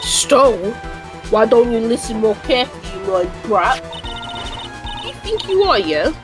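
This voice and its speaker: A man's voice: very high voice, very animated, moderate pace, music in the background, pitched above the performer's own voice. A man voicing a nosy, bossy old woman security guard as he reads game dialogue aloud, in a scolding, theatrical manner. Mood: snippy.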